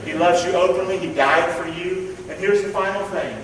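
A male pastor with a high-pitched, fairly bright voice preaches at a moderate pace in church, urging the congregation to echo his words back. The recording is noisy and distant, with the echo of a large hall.

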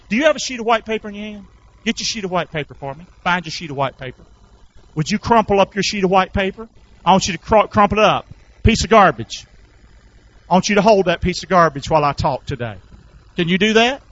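A man preaching a lively sermon as pastor, getting the congregation to repeat lines after him. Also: high-pitched, brisk, dull audio. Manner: animated, has the congregation repeat phrases.

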